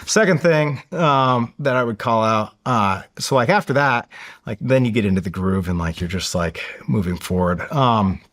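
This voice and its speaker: A man in casual conversation, with a voice of ordinary middle pitch. He rambles cheerfully, restarting sentences and padding them with fillers as he tells his stories with enthusiasm. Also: expressive, normal speed, fairly bright tone. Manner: upbeat, enthusiastic. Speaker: podcast guest. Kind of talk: casual interview storytelling.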